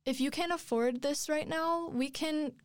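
A woman's voice: high voice, measured pace, no echo, clean studio sound. A woman in her twenties telling a long personal story in a casual chat, rambling with many fillers and restarts. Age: 20s.

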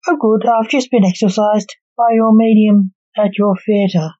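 A woman's voice: medium pitch, steady tone, a little slow, warm tone, natural voice. A woman voicing a male sorcerer who talks in a playful, mocking way. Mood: teasing. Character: male sorcerer, amused and teasing. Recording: dull lo-fi recording.

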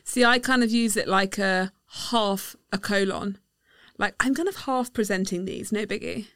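A woman co-hosting a podcast, chatting casually with playful, drawn-out emphasis. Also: medium pitch, fairly bright tone, no room sound. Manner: playful, exaggerated emphasis when listing examples. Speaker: podcast co-host. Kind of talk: casual chat.

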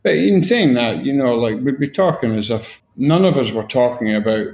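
A middle-aged Glaswegian man tells stories bluntly, swearing as he goes. His voice has a gravelly, rough edge. He sounds like he is sitting in an echoey room. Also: mid-range voice, lively intonation, moderate pace, darkish tone. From Scotland. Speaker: guest. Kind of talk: casual interview chat.

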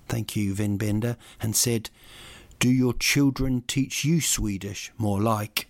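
A man's voice: on the low side, steady tone, slow, no room sound. A man hosting a solo podcast, rambling through listener questions with jokey, playful asides. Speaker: podcast host. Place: lives in Sweden.

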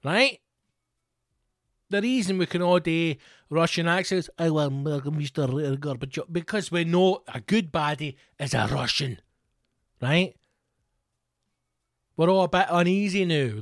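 A man's voice: fairly high pitch, a little slow, pauses often, no room sound, studio quality. A Scottish man hosting a podcast, ranting sarcastically, swearing freely and reading news reports aloud. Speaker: podcast host.

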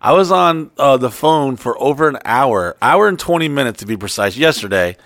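A man's voice: mid-range voice, expressive, moderate pace, a bit bright, no echo, clean studio sound. A man co-hosting a podcast, ranting angrily with lots of swearing in casual chat. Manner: angry ranting, heavy swearing. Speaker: podcast co-host.

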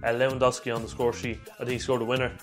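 A man in casual podcast banter, rattling off football results with dry jokes. His voice sits in a middle pitch, and faint music plays under the talk. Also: level tone. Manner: banter, quick rundown of results. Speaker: podcast co-host.

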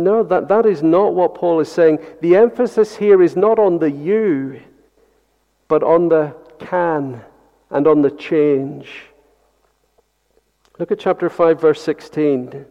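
A man's voice: a little high, dark tone. Earnest man preaching in an echoing church. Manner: earnest, repeats key phrases, rhetorical questions. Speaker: pastor. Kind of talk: sermon. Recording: dull sound with long hall reverb.

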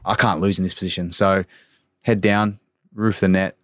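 This low-voiced Australian man, a former footballer in his thirties, swaps stories in a relaxed podcast chat, cursing often and voicing the characters he quotes. His pitch barely moves and he talks at a normal speed, captured dry with studio quality.

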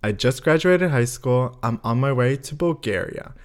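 A man's voice: mid-range voice, animated, normal speed. A man in his twenties co-hosting a casual podcast, telling a story with sass, slang and frequent laughs. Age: 20s. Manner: sassy, laughs often, slangy. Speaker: podcast co-host.

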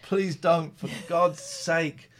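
A man's voice: fairly high pitch, steady tone, slow. A middle-aged man hosting a radio show, teasing and joking with playful stumbling restarts. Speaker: radio host. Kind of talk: casual radio banter. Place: radio studio.

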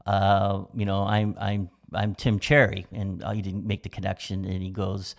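Middle-aged guy, lowish voice, laid-back storytelling. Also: monotone, moderate pace, vocal fry. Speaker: co-host, son of the guest. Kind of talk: casual storytelling chat.

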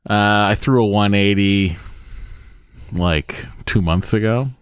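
A man co-hosting a casual podcast, joking and teasing in relaxed banter. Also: on the low side, takes it slowly, clean tone, no room sound, clean studio sound. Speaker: podcast co-host. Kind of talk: casual chat.

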